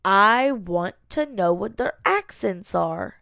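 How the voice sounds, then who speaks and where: A woman's voice: medium pitch, lively intonation, slow pace, vocal fry, sharp tone, no room sound, studio quality. A woman from the American South with a Southern accent, co-hosting a podcast in a chatty, rambling way. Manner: chatty, rambling, uses lots of fillers. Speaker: podcast co-host. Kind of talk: casual chat.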